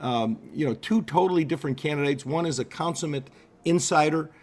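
An older man, a political commentator explaining events in a measured, explanatory way on a radio interview. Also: on the high side, darkish tone. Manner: measured, explanatory, with repetitions and fillers.

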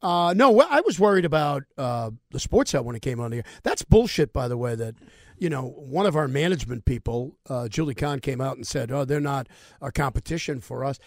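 A man's voice: mid-range voice, animated, brisk, no room sound, studio quality. A man in his seventies, a radio guest who asks blunt, teasing questions. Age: 70s. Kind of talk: casual radio talk.

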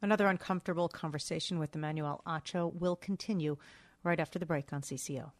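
A woman announcer giving a polished, deliberate broadcast lead-in. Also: sits low, steady tone.

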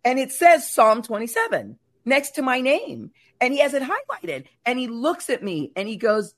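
A middle-aged woman hosting a talk show, telling a personal faith story in an earnest, animated way with many fillers. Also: fairly high pitch, normal speed.

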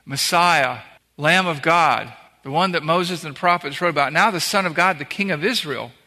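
Bright-voiced preacher in a reverberant hall. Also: male voice, fairly high pitch, moderate pace. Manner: conversational preaching, walking through scripture verse by verse; punchy emphatic repetitions. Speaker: pastor. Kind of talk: sermon. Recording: long reverb of a large hall.

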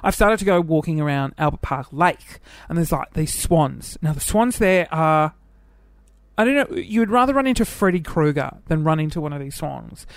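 A man's voice: on the high side, expressive, normal speed, vocal fry, dry recording. A man in his twenties with an Australian accent, hosting a casual solo podcast, chatty and self-deprecating as he jumps from one topic to the next. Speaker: podcast host.

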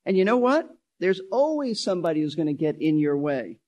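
A man with a notably high-pitched voice preaches to his congregation. He drives points home by repeating key phrases, speeding up and slowing down for emphasis. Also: big pitch swings, dark tone. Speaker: pastor. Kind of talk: sermon.

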